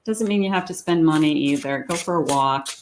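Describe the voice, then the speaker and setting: A woman reading tarot cards aloud in a chatty, reassuring way, thinking out loud as she goes. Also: low voice, a little fast, a little hiss or hum. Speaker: psychic tarot reader.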